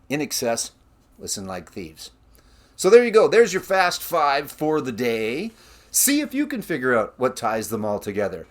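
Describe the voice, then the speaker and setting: A Canadian man hosting his own record-collecting vlog, chatting casually with rambling asides about the albums he shows. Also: medium pitch. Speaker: record collector channel host.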